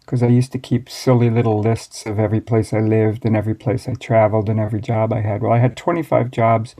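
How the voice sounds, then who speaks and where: An American man in his sixties, a master baker, telling stories from his past in a relaxed, wry way as an interview guest. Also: on the low side, fast talker. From United States. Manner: relaxed, reflective, wry storytelling. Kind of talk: storytelling interview answers.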